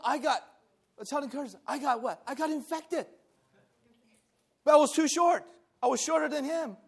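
A man from Taiwan, teaching a lively church lesson, talking back and forth with the class and laughing often. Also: very high voice.

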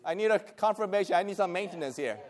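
A man from Taiwan, teaching a lively church lesson, talking back and forth with the class and laughing often. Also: high-pitched, fast talker.

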